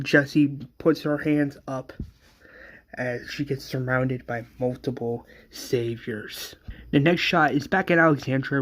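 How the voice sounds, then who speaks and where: A man casually retelling a fan story, with frequent fillers and restarts. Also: mid-range voice.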